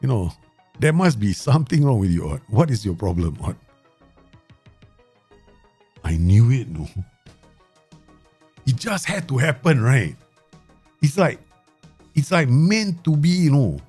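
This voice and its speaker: A man hosting his gaming channel, giving live commentary and talking to himself and the viewers in an excitable way. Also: mid-range voice, a little slow, pauses often, breathy edge, soft background music. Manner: excitable, talks to himself and the viewers, frequent laughs.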